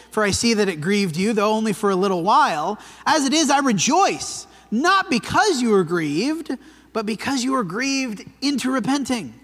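A man with a high, fairly bright voice delivers a sermon in church, keeping it conversational and often asking "right?". The hall's long reverb carries his words.

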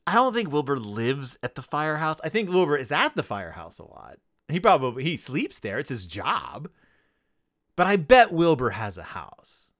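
A man's voice: a little high, big pitch swings, moderate pace, a bit bright, no echo, clean studio sound. A man hosting a comedy podcast, sarcastically recapping a children's book and riffing on it. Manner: sarcastic, riffing, acts out characters. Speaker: podcast host.

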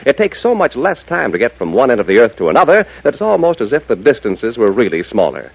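A man's voice: mid-range voice, wildly swooping pitch, quick pace, vocal fry, husky, no room sound. Folksy man announcing on old radio. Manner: folksy, upbeat, addresses listeners as gang. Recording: muffled old radio broadcast.

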